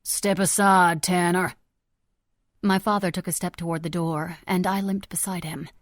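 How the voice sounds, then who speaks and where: A woman narrating a dark romance audiobook in the first person, tense and dramatic. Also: lowish voice, steady tone, brisk, no echo, studio quality.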